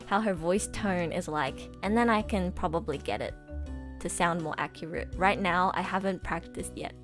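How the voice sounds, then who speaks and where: A woman's voice: fairly low pitch, normal speed, faint music behind. A young adult woman voice actress chatting casually on a live stream, bubbly and giggly, gushing with enthusiasm.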